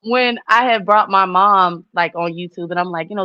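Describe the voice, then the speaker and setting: A woman, chatting casually with a friend, animated and laughing. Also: medium pitch, moderate pace, no echo, muffled recording. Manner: animated, laughing, acts out relatives' voices. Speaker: host. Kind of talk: casual chat.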